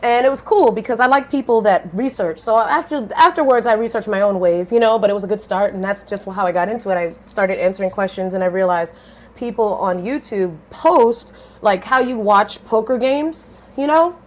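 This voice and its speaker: Animated, talkative woman storyteller. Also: moderate pace. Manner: animated, swings pitch widely when quoting others; talkative and blunt, swears casually. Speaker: podcast guest. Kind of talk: casual storytelling interview.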